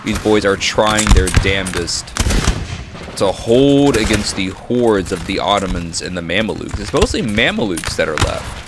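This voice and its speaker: A man giving casual, excitable commentary over a strategy game battle, reacting with frequent exclamations. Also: fairly low pitch, normal speed. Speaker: gaming commentator. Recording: noisy with battle sounds behind. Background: gunfire and battle noise from the game.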